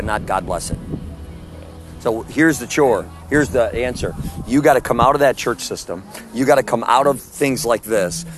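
A man preaching fervently in the street to one listener, firing rhetorical questions and condemnations. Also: medium pitch. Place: outdoors at a public event.

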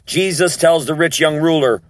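A man's voice: a little high, normal speed, no echo. A man preaching a sermon in an emphatic teaching manner, repeating key words and often checking in with his listeners. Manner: emphatic, repetitive teaching with frequent check-ins.

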